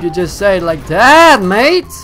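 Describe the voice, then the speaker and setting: High-voiced excitable gamer man. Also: measured pace, music in the background. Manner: excitable, shouting and swearing at the game. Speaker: gaming channel host. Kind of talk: gameplay commentary.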